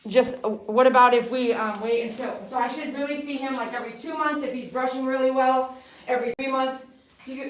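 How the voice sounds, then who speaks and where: A chatty woman groomer talks a client through her work and coaxes the dog between remarks. Her fairly high voice bounces around a very echoey salon room, picked up from a distance off the mic, with a faint noise underneath. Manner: chatty, coaxing the dog and explaining as she works. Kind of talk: explaining a grooming to a client on camera.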